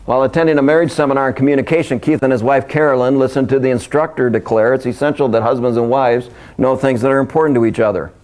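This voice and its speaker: A man's voice: medium pitch, steady tone, quick pace, few pauses, a little mellow. A man giving a live seminar presentation, joking and speaking directly to his audience. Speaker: workshop speaker.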